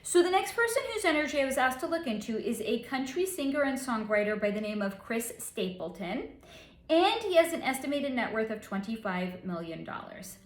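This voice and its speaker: A woman psychic vlogger talking through her readings with a lively, swooping voice, tossing in snarky personal asides. Her voice sits a bit high, and the room has an echo. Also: fairly quick. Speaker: psychic channel host. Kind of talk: casual vlog, relaying psychic readings.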